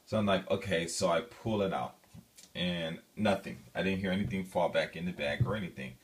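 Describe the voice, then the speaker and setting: Very deep-voiced man telling a rambling story. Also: fairly quick, distant mic. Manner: animated storyteller, many fillers and restarts. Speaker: vlogger telling a personal story. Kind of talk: casual rambling monologue.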